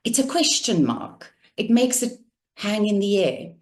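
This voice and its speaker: A woman communication coach giving an instructional talk in a measured, deliberate cadence, demonstrating intonation with her own voice. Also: mid-range voice, very animated.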